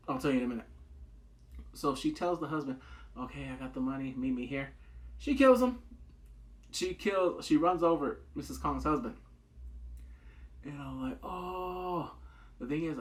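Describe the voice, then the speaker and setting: A man giving a casual, excitable recap of a TV drama, acting out the characters' lines in quick asides. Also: on the high side. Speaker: TV drama reviewer.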